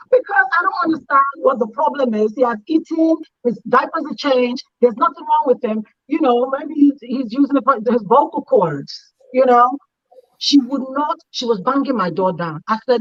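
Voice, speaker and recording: Animated woman telling a story. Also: sits high, moderate pace, breathy edge, lo-fi sound. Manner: animated storyteller, acts out quoted lines. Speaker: host. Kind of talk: casual chat telling a personal story.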